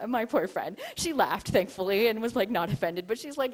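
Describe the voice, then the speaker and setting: A woman's voice: mid-range voice, moderate pace. Chatty, giggly woman telling stories. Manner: chatty, giggly, peppers speech with "like"; animated, acts out quoted exchanges. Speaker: expo speaker on spiritual dowsing. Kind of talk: casual storytelling talk to an audience.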